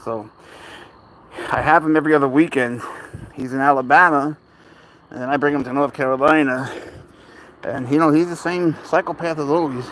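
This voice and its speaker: A man's voice: fairly high pitch, steady tone, normal speed, pauses often, a bit bright, slight background noise. Man soothing his cat outdoors. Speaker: pet vlogger. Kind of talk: casual vlog talk to camera and pet. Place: outdoors, walking near a cemetery.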